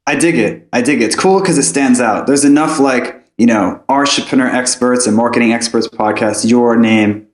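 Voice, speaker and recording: A relaxed, easygoing man speaking as a guest in a casual podcast interview. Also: mid-range voice, normal speed, few pauses, reverberant.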